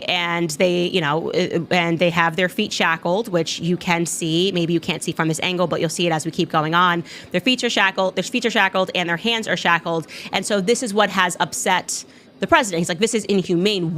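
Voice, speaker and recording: A woman hosting a casual commentary show, talking in a sarcastic, animated way and laughing as she talks. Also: lowish voice.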